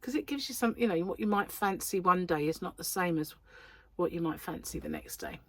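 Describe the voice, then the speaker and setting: An English crochet vlogger chats casually and rambles with plenty of ums, her throat still a bit sore. Her voice sits on the low side, expressive and fairly quick, with no room sound in the recording.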